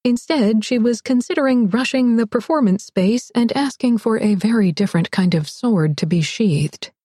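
A woman narrating a romance audiobook in a wry, expressive read. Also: on the high side, normal speed, husky, dry recording, studio quality. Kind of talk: scripted narration.

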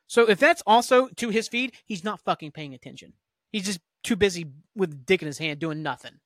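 A man's voice: sits high, fairly bright tone, dry recording, clean studio sound. A man hosting a sports talk podcast, ranting angrily and profanely about refereeing. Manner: profane, heated, fast-talking rant. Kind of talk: angry ranting commentary.

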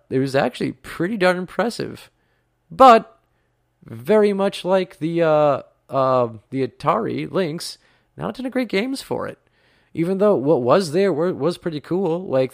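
A man's voice: medium pitch, vocal fry, no echo, clean studio sound. A man in his thirties from the United States, hosting a podcast in a chatty, rambling way with lots of fillers. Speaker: podcast host. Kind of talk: casual podcast talk.

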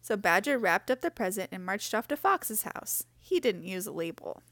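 Woman, storybook read-aloud, gentle and expressive, mid pitch, dry close sound. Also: normal speed, no echo. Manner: gentle expressive reading with character voices. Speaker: picture book reader.

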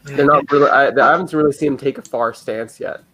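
A man talking casually about politics as a stream guest. He rambles and hesitates, with plenty of fillers and restarts, at a mid-range pitch. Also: fairly quick, a bit bright, a little hiss or hum. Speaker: guest commentator.

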